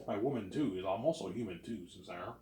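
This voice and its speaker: Expressive and mellow, the lowish voice belongs to a vlogger around thirty who talks a little fast. His monologue wanders in a relaxed, confident way, peppered with "obviously" and "man," and the space sounds roomy and echoey.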